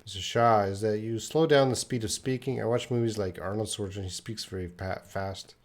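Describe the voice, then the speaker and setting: Guy teaching english live, reads chat questions and fixes them, slow clear talk, lowish voice, tired. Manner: speaks slowly and clearly for learners. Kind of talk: live online lesson, answering chat questions.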